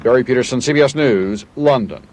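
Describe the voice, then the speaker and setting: A man narrating a television news report as a correspondent, in a crisp reporting manner. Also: medium pitch, brisk, darkish tone.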